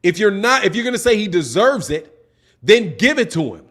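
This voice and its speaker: Boxing talk-show host, male, pitched high for a man, exasperated casual livestream ranter. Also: big pitch swings, normal speed, fairly bright tone. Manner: exasperated, ranting, peppers sentences with "man". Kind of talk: casual livestream commentary answering chat.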